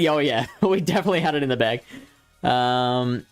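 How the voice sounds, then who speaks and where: A man's voice: mid-range voice, expressive, a little fast, clear, resonant tone, soft background music. A man with an Australian accent hosting a live game stream, chatting casually with viewers and laughing at himself as he plays. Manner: casual, chatty, laughs at himself, thinks aloud while playing. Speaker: streamer and show host. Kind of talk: live-streamed game commentary and chat reading.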